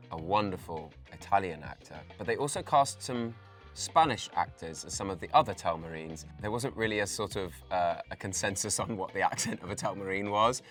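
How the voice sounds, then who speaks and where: A deep, low-pitched Englishman in his forties chats in a relaxed, playful way, giggling easily as an interview guest. His English accent is clear. Faint music plays underneath. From England. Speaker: actor and singer guest. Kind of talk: casual interview chat.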